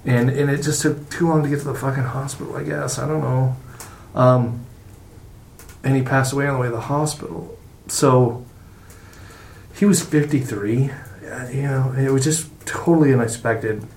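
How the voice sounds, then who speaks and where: A middle-aged man speaks as a podcast guest in loose, casual conversation, stumbling over his words and swearing freely. His voice sits at an ordinary pitch and carries a roomy echo, with a faint hiss underneath. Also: fairly even intonation, gravelly, a little mellow. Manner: halting and profane, with many restarts.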